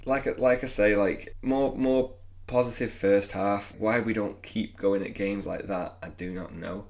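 Bloke, low gravelly voice, rambling footy chat with lots of laughs. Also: male voice, steady tone, measured pace, darkish tone. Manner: rambling, self-mocking, laughs often. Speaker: podcast co-host. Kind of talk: casual chat.

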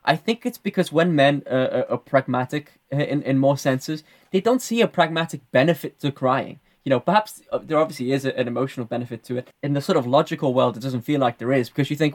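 A man's voice: medium pitch, fast, hardly any pauses. A man in casual podcast conversation, reflective, explaining his views at length and often repeating words as he thinks.

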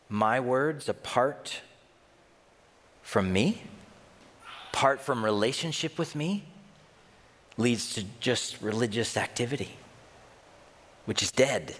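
A man voicing God as deep, compassionate, firm and tender, speaking slowly and intimately. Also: animated, long reverb tail. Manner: slow, soft and intimate.

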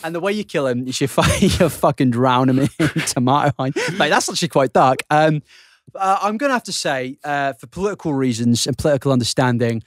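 A man's voice: a little high, lively intonation, a little fast, no echo, studio quality. A young man co-hosting a podcast, rambling and sweary, laughing often through casual banter. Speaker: podcast co-host.

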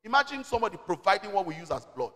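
A man preaching a sermon as senior pastor, exhorting the congregation with call-and-response and reading scripture slowly and deliberately. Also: sits high, very animated, a bit bright. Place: church service. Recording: long church-hall reverb.

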